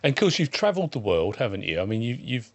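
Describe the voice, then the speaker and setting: Male interview host, mid-pitched, dry sound, long leading questions. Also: sing-song, fast talker, no room sound.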